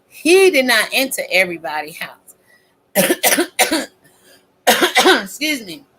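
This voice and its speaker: A woman's voice: on the high side, very animated, slow, a bit bright, husky, poor audio. A woman content creator ranting in a casual vlog, preaching with scripture and lots of cursing. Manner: profane, preachy and fiery; quotes scripture. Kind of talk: casual commentary vlog rant.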